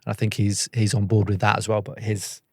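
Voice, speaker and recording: Fast-talking gravelly man, podcast guest. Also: on the low side, no echo, studio quality. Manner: animated storytelling, acting out quoted voices. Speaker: guest, former soldier and journalist. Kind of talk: conversational podcast interview.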